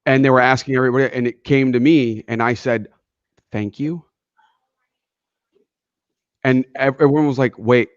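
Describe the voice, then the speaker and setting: A man's voice: medium pitch, little pitch movement, fast talker, few pauses, clean tone, no echo, muffled recording. Earnest man telling motivational stories. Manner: earnest, storytelling, acts out quoted people. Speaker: podcast co-host. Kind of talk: casual motivational chat.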